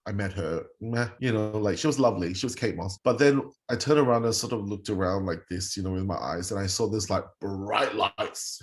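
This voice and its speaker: A man in his forties from Singapore with a Singaporean accent, a guest telling stories in a casual interview, often leaping into high quoted voices. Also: brisk, hardly any pauses. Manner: animated, jumps into high-pitched quoted voices. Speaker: guest, makeup artist.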